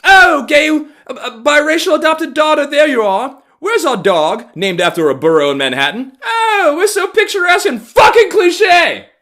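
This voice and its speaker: A shrill, theatrical lesbian neighbor. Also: female voice, expressive, normal speed, hardly any pauses, fairly bright tone. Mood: overdramatic. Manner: shrill, overdramatic, mocking. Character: theatrical gushing lesbian neighbor, woman, adult.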